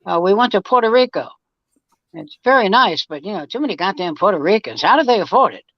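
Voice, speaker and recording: Guy doing a blunt older comic, deadpan, pitched up a bit, dull dry sound. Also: quick pace, no echo. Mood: wry. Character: gruff older male Boston comic, blunt.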